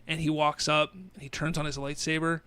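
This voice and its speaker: A man's voice: on the high side, little pitch movement, a little fast, sharp tone, smooth. A man co-hosting a podcast, retelling a film plot in a casual, rambling way full of "you know.". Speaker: podcast co-host. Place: indoor room, across a table from his co-host.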